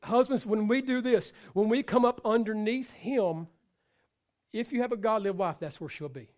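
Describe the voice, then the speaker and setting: Male pastor, high-pitched, conversational sermon delivery with restarts and asides. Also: moderate pace, darkish tone. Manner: conversational preaching with repetitions and asides.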